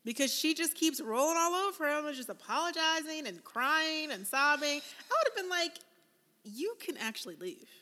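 A woman co-hosting a casual podcast, blunt and animated, with lots of fillers and swearing. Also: high-pitched, normal speed, few pauses. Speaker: podcast co-host. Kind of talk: casual chat.

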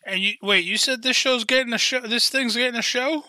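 Man, podcast co-host, incredulous joking reactions, high-pitched, dry close recording. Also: a little fast, pushed and bright, dry recording. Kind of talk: casual chat.

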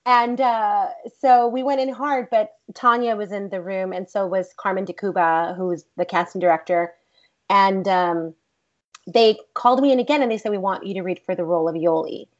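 Animated Texan actress, interview guest, rambling anecdotes, slightly muffled recording. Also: female voice, mid-range voice, normal speed. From Texas. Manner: animated, rambling, many fillers like "like". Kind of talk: casual interview storytelling.

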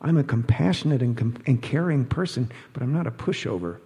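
Husky-voiced man narrating a story. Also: mid-range voice, expressive, a little fast, dark tone, big-room sound. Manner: dry, wry storytelling. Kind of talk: audiobook narration.

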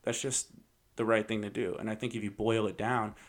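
A young man hosting a comedy podcast, telling stories in an animated, casual way with swearing and laughs. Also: on the low side, a little fast.

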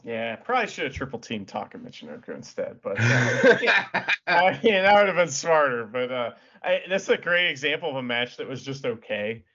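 A man's voice: medium pitch, big pitch swings, fairly quick, few pauses, a bit bright. A man co-hosting a podcast, chatting casually and animatedly about wrestling, laughing often and swearing. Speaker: podcast co-host. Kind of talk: casual wrestling recap chat. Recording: dull lo-fi audio.

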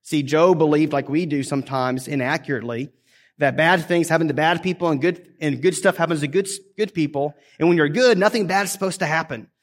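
A man preaching a sermon in a conversational, earnest way, dropping his voice when he quotes scripture. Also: a little high.

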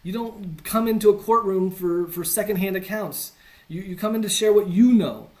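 The speaker, an American man who teaches on evangelism, has a voice that sits high and moves at a moderate pace. He delivers a chatty, heartfelt talk, occasionally making light of himself.

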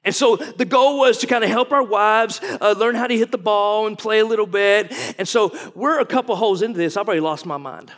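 Speaking fairly quickly with few pauses, a guest pastor in his forties preaches in a high, fairly bright voice. He takes a folksy, conversational approach and asks the congregation questions, and a large hall's long reverb trails behind his words.

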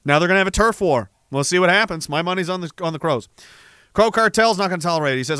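A young man rambling comedically to a live audience in a profane, animated way, reading viewer messages and breaking into sudden shouts. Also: sits high, brisk, no echo, studio quality. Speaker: live streamer.

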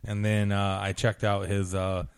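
A man's voice: fairly low pitch, completely flat delivery, unhurried, clean tone, no echo, clean studio sound. A man co-hosting a podcast, talking in a playful, rambling way. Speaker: podcast co-host. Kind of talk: casual podcast banter.

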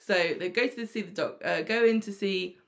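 A woman recapping a soap episode in relaxed chat. She slips into quick impressions of the characters, her voice rising and dropping as she gets carried away. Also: medium pitch, gravelly. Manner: animated, acts out characters' lines in quick impressions.

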